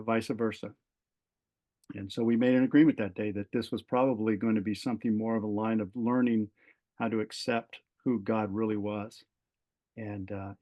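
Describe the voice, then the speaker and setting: Lo-fi audio captures a medium-pitched male voice belonging to a middle-aged retired fire captain from California. Guesting on a podcast, he tells a personal tale in lively fashion, voicing the dialogue and peppering it with fillers and false starts.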